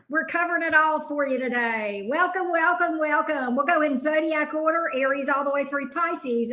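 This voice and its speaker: A woman's voice: high-pitched, bright, forceful tone. A woman with a Southern US accent hosting a tarot live stream, chatting casually and upbeat, greeting viewers by name.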